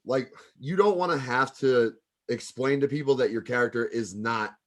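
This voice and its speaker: A man's voice: mid-range voice, moderate pace. A man coaching wrestling students, giving rambling casual feedback full of fillers. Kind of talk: casual critique.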